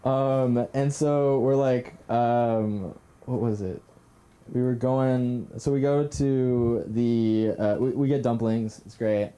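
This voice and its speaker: A man's voice: medium pitch, fairly even intonation, slow pace, mellow. A young man telling a self-deprecating story at an open mic, rambling with many fillers and restarts. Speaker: stand-up comedian at open mic. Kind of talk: stand-up storytelling. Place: comedy club stage.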